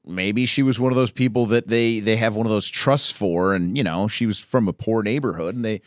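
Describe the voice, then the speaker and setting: A man's voice: fairly low pitch, a little fast, no echo. A man co-hosting a podcast, riffing and teasing his co-host in comic banter, in a studio on a studio mic. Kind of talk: comedic banter. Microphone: studio microphone.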